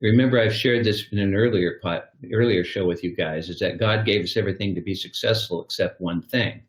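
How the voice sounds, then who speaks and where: An older man with a low voice gives reflective advice on a podcast. He tells his stories like little scenes. A roomy echo hangs around his voice. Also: brisk. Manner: storytelling, acts out little scenes. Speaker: guest.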